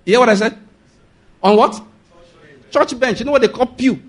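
Nigerian preacher, high pitch, husky tone, animated sermon, frequent laughs, checks the congregation follows. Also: male voice, normal speed.

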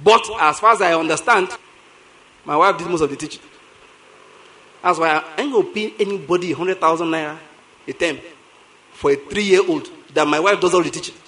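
A man's voice: on the high side, brisk, long pauses, pushed and bright. A man with a Nigerian accent preaching a sermon as pastor, telling stories animatedly, repeating lines for emphasis and laughing often.

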